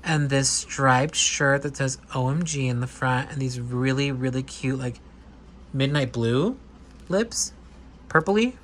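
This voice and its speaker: A man chatting casually and gushing while unboxing a doll, with quick excited asides. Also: mid-range voice, slight background noise. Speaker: doll collector vlogger. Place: indoor room with air conditioner hum.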